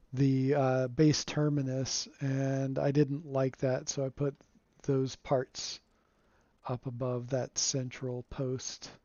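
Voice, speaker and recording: Slow, mellow man chatting over gameplay. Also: medium pitch, dry recording. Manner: relaxed, rambling, chuckles often. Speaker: game streamer. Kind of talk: casual gameplay commentary. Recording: dull lo-fi dry sound.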